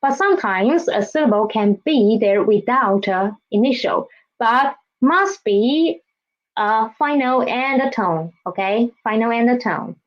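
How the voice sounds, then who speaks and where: A woman's voice: fairly high pitch, animated, unhurried. A woman teaching a beginner Chinese lesson, whose first language is Vietnamese, patiently modeling and exaggerating each tone for learners to repeat. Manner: patient, exaggerates tones when modeling sounds. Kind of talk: slow, deliberate language lesson with repeat-after-me drills. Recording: slightly dull, lo-fi recording.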